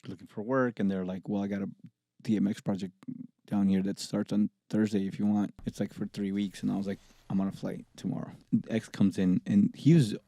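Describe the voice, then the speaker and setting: A man's voice: on the low side, fairly quick, creaky, no room sound, clean studio sound. A man, a recording engineer, telling casual profane stories as a podcast guest. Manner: profane, animated anecdotes with laughs. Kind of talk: casual storytelling.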